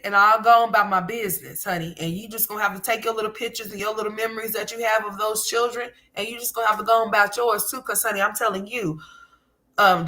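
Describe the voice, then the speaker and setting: A woman hosts a commentary channel, speaking casually, candidly and emphatically, and often calls listeners honey. Her voice is mid-range with a sharp tone.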